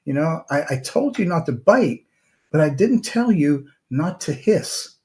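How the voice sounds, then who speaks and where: A man voicing a calm, kindly wandering meditator in a spoken parable, talking in an easygoing, chatty way. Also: a little high, a little slow. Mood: apologetic.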